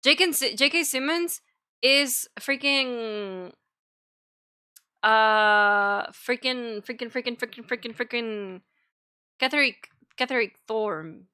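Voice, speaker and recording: A young woman rambles her way through a casual livestream chat, giggling and dropping the odd swear. Her voice sits a little high and sounds bright and crisp. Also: slow pace. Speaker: streamer.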